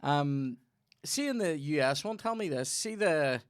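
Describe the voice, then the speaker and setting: A man's voice: on the high side, unhurried, no room sound, studio quality. A young Northern Irish man hosting a podcast, telling stories in casual chat and swearing freely. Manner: swears a lot, tells animated stories. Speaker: podcast host.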